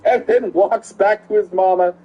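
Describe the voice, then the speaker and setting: A middle-aged father telling a story casually, animated and laughing often, acting out the quotes. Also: high voice, moderate pace, dull audio.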